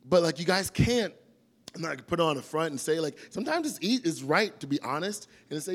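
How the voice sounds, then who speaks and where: A man's voice: on the high side, lively intonation, fast. A young man preaching a casual sermon as youth pastor, acting out little scenes with funny voices.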